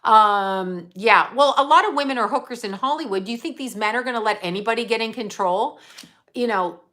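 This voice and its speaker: Brief: middle-aged woman, psychic medium, loose rambling live vent, bright edgy tone, curses freely. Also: on the high side, a little fast. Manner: blunt, profane, rambling with frequent laughs and asides. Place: home in Los Angeles area.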